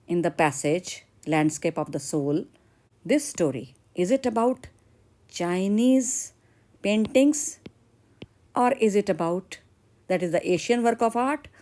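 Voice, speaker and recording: A woman's voice: fairly low pitch, warm tone. A woman teacher explaining a literature lesson and asking the class questions. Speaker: English teacher. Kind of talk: literature lesson with role-play.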